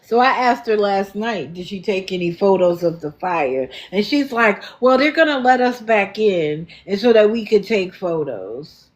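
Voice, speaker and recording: A woman's voice: medium pitch, animated, measured pace, few pauses. A woman hosting a casual livestream, talking indignantly and accusingly. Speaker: livestream host.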